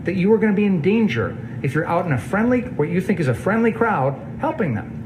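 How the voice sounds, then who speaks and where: A prosecutor cross-examining a witness with pointed, pressing questions. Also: male voice, sits high, very animated, a little fast, noisy background.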